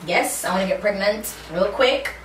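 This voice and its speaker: A sassy, playful Jamaican woman in her thirties, chatting through a question tag at a middle pitch. She is recorded on a phone from a bit of a distance in an echoey room. A faint wash of ambient noise sits behind her. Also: moderate pace. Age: 30s. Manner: sassy, playful, breaks into little sung bits. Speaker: YouTuber. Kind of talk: casual Q&A tag video. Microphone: phone camera.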